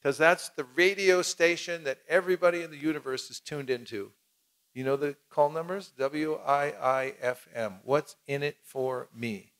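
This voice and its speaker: A man teaching a lively seminar to an audience, acting out short dialogues and having the crowd repeat lines after him. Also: on the high side, normal speed. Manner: animated, acts out little dialogues, leads the crowd in repeating. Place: cultural center hall with audience.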